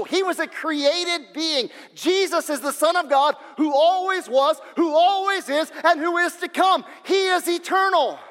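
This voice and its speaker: A pastor preaching a sermon, emphatic and repetitive, swinging between loud passages and hushed ones. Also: male voice, very high-pitched, long reverb tail.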